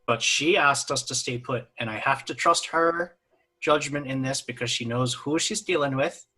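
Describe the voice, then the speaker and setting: A man with a bright, mid-pitched voice speaks firmly in character as a tabletop role-playing player. He lays things out in a measured way. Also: husky.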